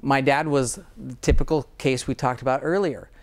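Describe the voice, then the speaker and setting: A man's voice: mid-range voice, steady tone, normal speed. A man speaking as a dentist guest in an interview, earnest and enthusiastic, often restarting his sentences. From Utah, USA. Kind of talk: interview conversation.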